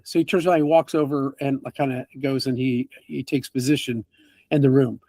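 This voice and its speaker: Male game master, lively tabletop narration, fairly high voice, dry close sound. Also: quick pace, no room sound. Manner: animated and laughing, with fillers.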